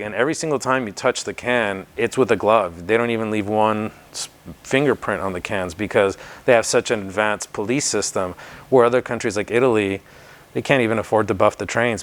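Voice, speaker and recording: A laid-back man with a lowish, smooth, resonant voice, talking loosely in a casual interview. He speaks in easygoing slang and curses freely. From United States. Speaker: interview guest, graffiti writer.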